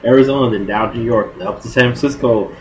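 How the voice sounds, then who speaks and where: A man co-hosting a casual sports chat, relaxed and joking as he runs through a team's schedule. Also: mid-range voice, rough recording. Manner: relaxed, joking, lists teams quickly. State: hiccups. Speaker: podcast co-host. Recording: noticeable background noise.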